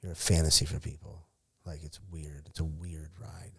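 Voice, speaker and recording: A man's voice: rumbling low, level tone, normal speed, husky. A middle-aged man, a former fighter and podcast guest, telling stories in casual chat, swearing freely and laughing often. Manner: profane, storytelling, laughs often.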